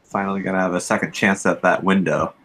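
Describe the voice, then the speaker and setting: A man chatting calmly as a player before a tabletop game, sometimes searching for words. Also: sits low, fast, very noisy.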